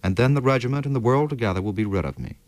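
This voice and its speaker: A man's voice: medium pitch, expressive, racing, no echo, natural voice. A man reading aloud, voicing a disgraced young private who speaks in a faltering, pleading way. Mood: bitter. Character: young disgraced private soldier, broken and ashamed. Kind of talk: audiobook character reading.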